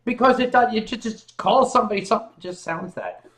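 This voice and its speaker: A man's voice: high voice, a little fast, low-quality recording. A man hosting a casual livestream, joking with a co-host and reading chat messages aloud. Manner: jokey, reads chat aloud, bursts into loud mock shouting.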